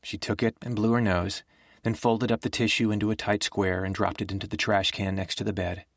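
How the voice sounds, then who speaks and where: A man narrating an audiobook in a measured, even storytelling way. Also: lowish voice, no room sound, clean studio sound.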